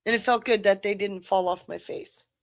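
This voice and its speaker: A woman's voice: medium pitch, fairly even intonation, normal speed, no echo. A woman co-hosting a live stream, chatting casually in a rambling, self-deprecating way and laughing easily. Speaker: co-host of a live stream show. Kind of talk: casual chat.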